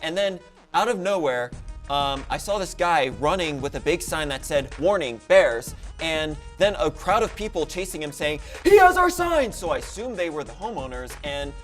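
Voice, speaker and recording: A young man telling a comic story as a game-show panelist, animated and jokey. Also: a little high, moderate pace, soft background music. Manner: animated, jokey, with quoted voices. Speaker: panelist telling a tall tale. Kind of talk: comedic storytelling.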